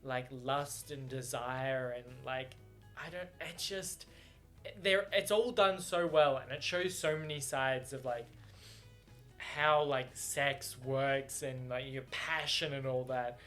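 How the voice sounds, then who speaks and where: A man's voice: medium pitch, takes it slowly, sharp tone, soft background music. A man chatting casually on camera about a book he is reading, bubbly and giggly, with many fillers and restarts. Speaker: book reviewer. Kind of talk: casual book reaction chat. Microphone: camera mic.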